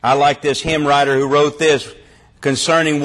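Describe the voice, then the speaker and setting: A man preaching a sermon with fervour, his delivery swinging between loud and hushed. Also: a little high, little pitch movement, normal speed.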